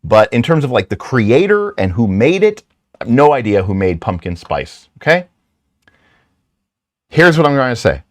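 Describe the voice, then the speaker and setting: Animated self-deprecating male channel host. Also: mid-range voice, normal speed, long pauses, no room sound, clean studio sound. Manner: self-deprecating, animated storytelling with frequent restarts and asides. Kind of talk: casual rambling talk.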